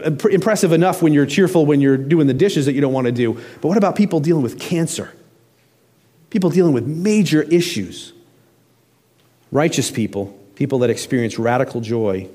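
A middle-aged man delivers a sermon in a relaxed, conversational pastor's voice that sits a little high. He wanders off his notes and acts out small everyday scenes to make his point.

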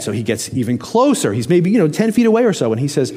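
A man delivering a sermon in a fairly high voice, talking with his listeners rather than at them. He leans on rhetorical questions, and his voice sinks low and quiet when he presses a point home. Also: big pitch swings, fast, breathy edge. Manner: conversational preaching with rhetorical questions; drops to quiet, low emphasis on key phrases. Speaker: pastor.

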